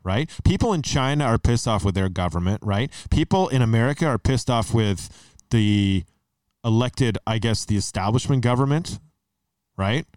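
Man, podcast co-host, heated, swearing, keeps saying dude, mid-pitched voice, dry sound. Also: expressive, normal speed, darkish tone, clear, resonant tone, no room sound. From Canada. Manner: profane, heated and emphatic, says dude and man a lot. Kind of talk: casual chat.

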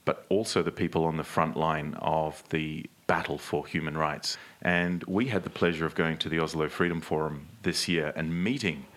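A man with a very low voice and a bright, forceful tone co-hosts a live podcast. He trades playful jokes with his partner in front of an audience. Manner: playful, joking banter. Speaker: podcast co-host. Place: stage before a live audience.

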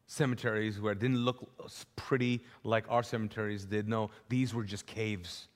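A male pastor preaching a sermon live in a large church, with animated, repetitive storytelling. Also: lowish voice, moderate pace. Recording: live church hall with long reverb.

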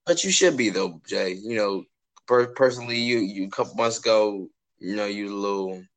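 A man's voice: lowish voice, moderate pace, low-quality recording. A young man co-hosting a casual chat, rambling and slangy, asking question after question. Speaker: podcast co-host.

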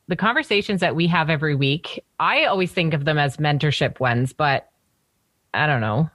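An enthusiastic woman hosts a podcast with a notably low voice. She sounds middle-aged and chatty. Her speech is close and dry, with no room echo. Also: fairly bright tone. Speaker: podcast host. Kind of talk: casual interview chat.

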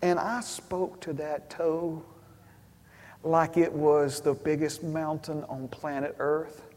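A man preaching a sermon as a story, swinging from hushed asides to loud, emphatic bursts. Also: a little high, flat delivery, slow. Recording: long hall reverb.

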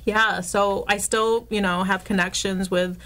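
A woman talks through a personal story in a relaxed, conversational way. She leans on fillers like "like" and "you know" and slips into lively quoted dialogue, her voice lifting as she plays the people in the story. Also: measured pace, rough recording. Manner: animated, acts out quoted dialogue with rising pitch. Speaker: interview guest.

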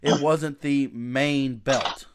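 A man hosting a casual podcast chat, talking emphatically and bluntly with quick restarts. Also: mid-range voice, fairly even intonation, noisy background. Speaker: podcast host.

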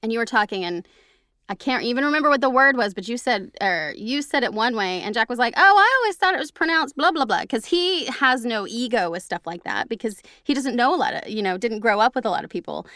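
A woman co-hosting a podcast in casual chat, relaxed and agreeable. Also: a little high, a little fast, no echo, studio quality. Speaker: podcast co-host.

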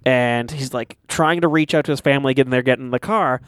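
A man's voice: medium pitch, quick pace, clean tone. A young man chatting casually, retelling a movie with lots of swearing and acted-out quotes. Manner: animated, swears often, acts out quotes.

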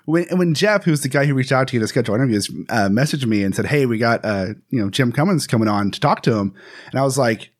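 A man's voice: medium pitch, expressive, fast. A man in his thirties hosting a podcast, an enthusiastic fan who laughs often. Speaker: podcast host. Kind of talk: casual podcast chat.

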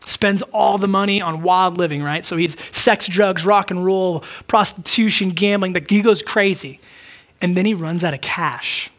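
A man's voice: sits high, moderate pace, a bit bright. A man preaching a conversational sermon, acting out short quoted dialogues. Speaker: pastor.

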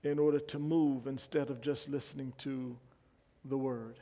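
A man's voice: mid-range voice, fairly even intonation, normal speed, vocal fry, dark tone. A male pastor preaching a sermon, emphatic, repeating phrases and questioning the congregation. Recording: long hall reverb.

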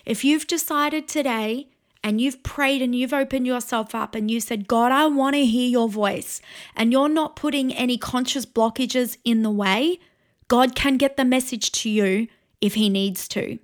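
A woman pastor in her forties, her voice a little high, delivers an earnest and encouraging teaching sermon. She pauses now and then to invite listeners to pray.

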